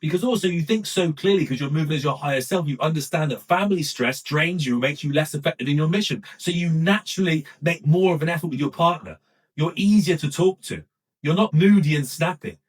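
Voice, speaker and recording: Blunt swearing motivational coach. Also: male voice, on the high side, fairly quick, husky, distant mic, rough recording. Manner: blunt, forceful, heavy swearing. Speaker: men's coach. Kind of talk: motivational monologue to camera.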